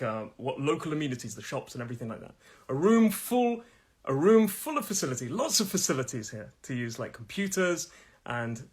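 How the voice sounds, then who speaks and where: A man with a British accent teaching English pronunciation on a live stream from his phone, chatty and laughing often, slowing down to repeat each word with its stress. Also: mid-range voice, a bit bright, husky. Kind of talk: live-streamed language lesson.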